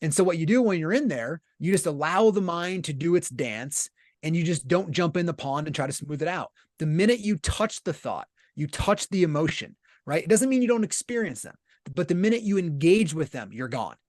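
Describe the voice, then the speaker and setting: A man's voice: on the high side, lively intonation, brisk, darkish tone, no room sound. Earnest man explaining, dry close sound. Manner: earnest, explanatory, uses many rhetorical "right?" checks. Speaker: podcast guest, business leader. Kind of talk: casual conversational interview.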